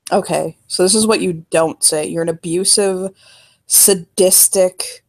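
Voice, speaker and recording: A woman playing a relaxed, blunt adult man in a tabletop role-play, giving frank, gently mocking advice. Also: lowish voice, a little slow. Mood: advising.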